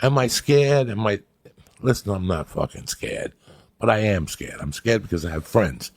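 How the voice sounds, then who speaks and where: An older man tells profane street stories as a host. His voice sits low, rough and gravelly, with a raspy, husky edge. He talks in a loose, animated monologue. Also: normal speed, dry recording. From New Jersey. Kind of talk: casual storytelling monologue.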